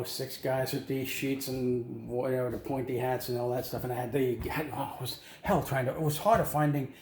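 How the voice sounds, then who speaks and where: A man's voice: mid-range voice, a little mellow. Rambling man in an echoey room. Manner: rambling, many fillers, self-deprecating. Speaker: comic monologue host. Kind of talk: rambling comedic storytelling. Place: at home. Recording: echoey room with faint noise.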